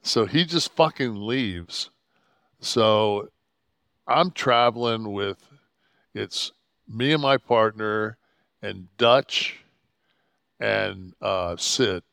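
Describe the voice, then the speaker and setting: A man's voice: lowish voice, very slow, gravelly, long pauses, no echo, clean studio sound. A man in his sixties, a podcast host, telling a rambling, profane road story and acting out the people in it. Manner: profane, rambling, animated quoting of others. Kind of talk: casual storytelling.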